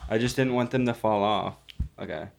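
A man's voice: on the low side, brisk, vocal fry. A young man hosting a casual podcast chat, crude and teasing as he jokes around with his co-hosts. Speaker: podcast host.

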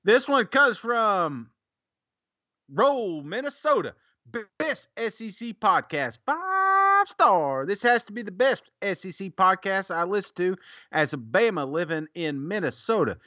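A man's voice: high-pitched, big pitch swings, unhurried, bright, forceful tone, no echo, highs cut off. A man co-hosting a casual podcast, joking, laughing often and reading listener reviews aloud. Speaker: podcast co-host.

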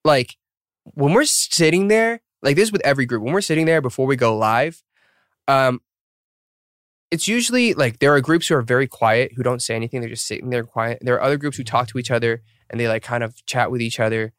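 A man's voice: medium pitch, lively intonation, fairly quick, fairly bright tone, no room sound, studio quality. A man in his thirties hosting a podcast in casual chat, rambling with lots of fillers and laughing at himself. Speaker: podcast host.

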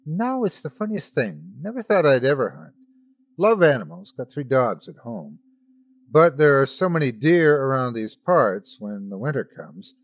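A man's voice: medium pitch, very animated, measured pace. A man voicing a big, blunt, folksy hunter driving a truck. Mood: chatty.

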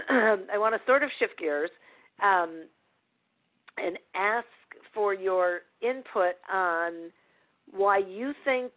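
An interview host asks questions slowly and gives short, easy affirmations. The voice sits at a middle pitch. It comes through a thin, tinny, phone-like line. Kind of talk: interview hosting.

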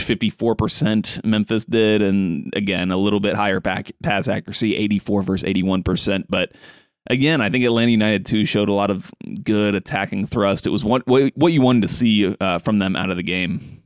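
A lower-voiced man chatting on a solo soccer podcast. He talks loosely, with plenty of "uh"s and restarts. His voice comes through smooth and clear on a close, dry microphone. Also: brisk, no room sound. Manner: conversational with frequent fillers and restarts; reads quotes from a sheet in a flat reading tone. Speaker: podcast host.

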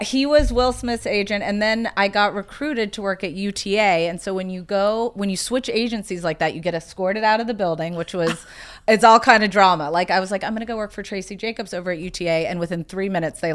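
A woman's voice: mid-range voice, a little fast. A woman from South Carolina, a podcast guest, telling stories in casual chat with many "like" fillers. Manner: chatty storyteller, fillers of "like".

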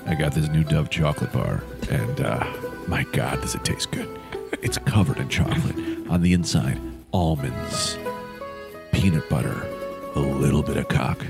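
A man voicing a crude, would-be seductive male pitchman in a hushed, deep tone. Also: normal speed, gravelly. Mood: mock-seductive. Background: music.

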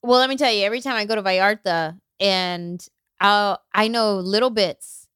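Clear-voiced woman comedian guest. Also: mid-range voice, normal speed, no room sound, studio quality. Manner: candid, animated storytelling. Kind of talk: casual interview chat.

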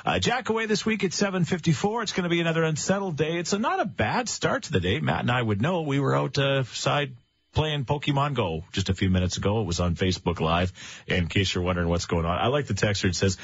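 A man's voice: mid-range voice, lively intonation, fast talker, husky, dry recording. A middle-aged man, hosting a morning radio show and chatting casually with fillers and restarts. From Canada. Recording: muffled lo-fi radio broadcast.

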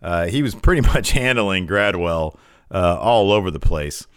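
A man's voice: low-pitched, animated, unhurried, fairly bright tone, clean tone, no echo, studio quality. A man co-hosting a wrestling podcast, recapping matches in casual chat with many restarts and fillers. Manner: rambling, frequent restarts and fillers.

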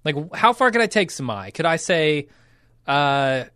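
A man co-hosting a podcast, recapping an episode in casual chat, wry and quick to laugh. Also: fairly high pitch, big pitch swings, a bit bright, clear, resonant tone, no echo, clean studio sound. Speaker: podcast co-host.

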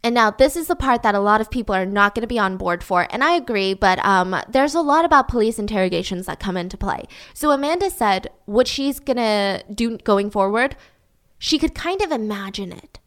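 A woman's voice: medium pitch, expressive, a little fast, fairly bright tone. A woman retelling a true-crime story in a casual, chatty way, full of fillers.

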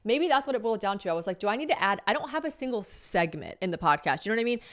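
Young woman podcaster rattling off stories super fast, lots of acted-out quotes, swears casually. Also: medium pitch. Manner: fast, animated storytelling with quoted dialogue and swearing. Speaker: podcast host. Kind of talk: solo podcast chat.

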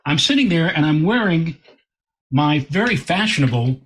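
A male astronomer, a guest in an interview, tells a lively anecdote and often repeats words when he gets excited. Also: fairly high pitch, normal speed, slightly rough. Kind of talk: animated anecdote in conversation.

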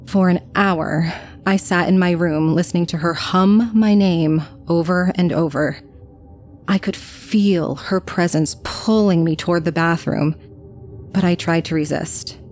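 A woman's voice: on the low side, a little mellow. A young woman narrating a scripted horror story in the first person, diary-style, anxious and confessional.

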